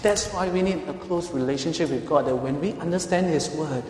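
A male pastor preaching a sermon, swinging between loud emphatic lines and soft hushed ones. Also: a little high, brisk, background noise. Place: church. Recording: echoey hall with long reverb.

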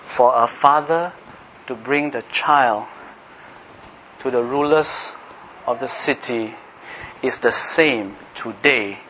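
A middle-aged man with a Singaporean English accent preaching an impassioned sermon, often rising to a shout. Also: medium pitch, slow pace, long pauses, a little hiss or hum, poor audio. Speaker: pastor.

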